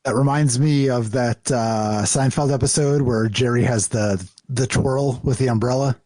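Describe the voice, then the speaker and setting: A man's voice: medium pitch, normal speed, a little mellow, dry recording. A man co-hosting a podcast in playful casual chat, cracking jokes. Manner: joking, playful. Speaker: podcast co-host.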